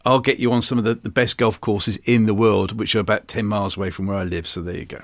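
A man's voice: fairly low pitch, fairly even intonation, fast, no echo. A man hosting an interview, chatty and friendly as he asks questions. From Ireland. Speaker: interview host. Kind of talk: conversational interview.

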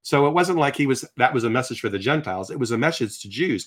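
A man in his sixties telling his conversion story in conversation, animated, acting out quotes as he talks. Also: medium pitch, quick pace, few pauses. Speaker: guest sharing his testimony. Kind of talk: conversational faith testimony.

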